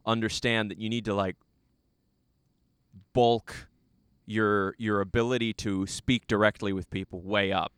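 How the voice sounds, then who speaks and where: A man's voice: lowish voice, steady tone, measured pace, a bit bright, clean tone, no echo, studio quality. A young American man chatting casually, rambling through a travel story with lots of fillers. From United States. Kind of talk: casual conversation.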